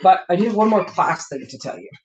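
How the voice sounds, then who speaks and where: A woman's voice: mid-range voice, expressive, quick pace, darkish tone, slight background noise. A woman demonstrating papercraft products in a casual show-and-tell, chatty and gushing, with rambling asides. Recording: dull lo-fi recording.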